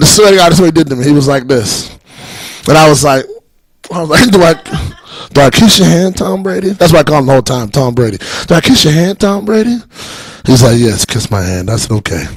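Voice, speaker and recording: Rambling Boston comic on a live stage. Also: male voice, fairly high pitch, no room sound, poor audio. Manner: rambling, laughs at own jokes, acts out voices. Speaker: comedian. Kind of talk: stand-up comedy monologue.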